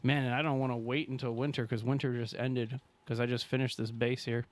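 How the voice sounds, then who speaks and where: On a live stream, a man plays a survival game, reacting to what happens on screen while he builds. His mid-pitched voice is level and brisk, and he stays casual and friendly, chatting with viewers and thanking them as he plays.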